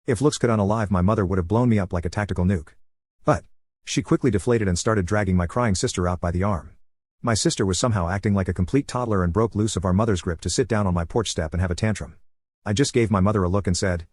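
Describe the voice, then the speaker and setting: A man reading a first-person online story aloud in a brisk, even storytelling manner, close to the mic in a dry booth. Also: low-pitched, slightly rough, no room sound.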